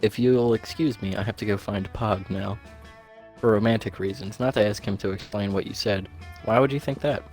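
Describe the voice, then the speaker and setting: A man's voice: lowish voice, moderate pace, darkish tone, soft background music, natural voice. A man voicing a pretentious young hipster vampire, reading game dialogue in a condescending tone.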